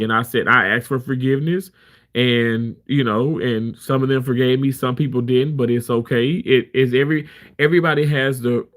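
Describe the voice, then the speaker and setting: A man's voice: medium pitch, fairly bright tone. A man talking to camera as a live streamer, telling a story in a candid, emphatic way with many restarts. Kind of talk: casual storytelling rant.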